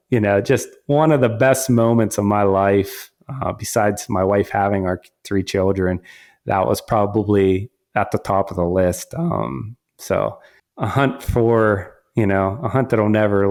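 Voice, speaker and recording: A man with a fairly low voice recounts a hunt with his son in a relaxed storytelling manner. He talks with animation, acts out bits of dialogue, and often restarts his sentences. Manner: animated, quotes himself and others, frequent restarts. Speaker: hunter and father telling a hunting story. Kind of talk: casual storytelling.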